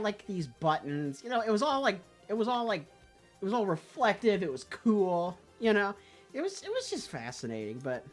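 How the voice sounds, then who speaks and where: A woman giving casual, sarcastic commentary over a screen recording, laughing often and sounding incredulous. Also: medium pitch. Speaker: tech video creator.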